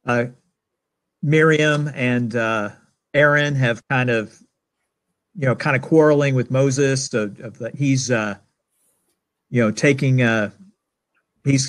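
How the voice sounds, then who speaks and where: A man answering Bible questions in an informal teaching style, measured and hesitant with many fillers. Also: medium pitch.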